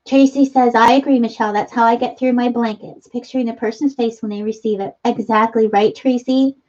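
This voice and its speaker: A woman's voice: on the high side, fairly even intonation, fairly quick, darkish tone. A middle-aged woman hosting a casual craft livestream, chatting and reading viewer comments aloud with frequent laughs. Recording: dull lo-fi stream audio.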